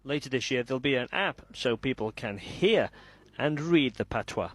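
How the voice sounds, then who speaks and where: A man's voice: medium pitch, animated. Man reading a news report. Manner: measured broadcast delivery.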